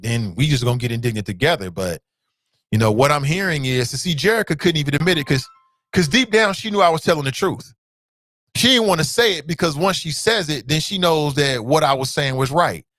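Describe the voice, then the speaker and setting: A man's voice: medium pitch, fairly bright tone, no room sound. Blunt emphatic man hosting a call-in show. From United States. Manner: blunt, emphatic, repeats himself. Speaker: talk show host.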